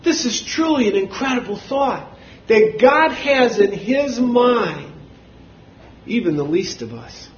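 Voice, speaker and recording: A man preaching a sermon, swinging from booming shouts to low murmurs. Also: big pitch swings, slow pace, a little hiss or hum. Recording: roomy, dull hall recording.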